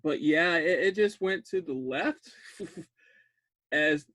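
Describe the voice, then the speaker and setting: Brief: high-pitched man, dry close mic, laughs through a rambling horror-film recap. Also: slow, no echo. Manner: rambling, laughs often, restarts words; jumps to loud disbelief. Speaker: podcast host recapping a film. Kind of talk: excited casual film recap.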